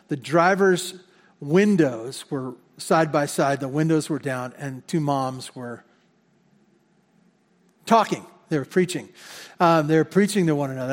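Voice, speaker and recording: A man's voice: fairly high pitch, normal speed. A man preaching a sermon as pastor in a church, talking in a conversational way and often repeating words as he corrects himself. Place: church sanctuary. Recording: long hall reverb.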